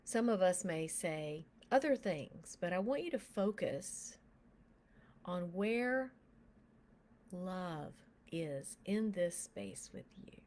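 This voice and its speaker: A woman leading a guided prayer and telling a testimony, speaking softly with frequent whispers and becoming emotional as she tells the story. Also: fairly low pitch. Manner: soft, slow and often whispered while guiding prayer; gets emotional and animated while telling the story. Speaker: minister.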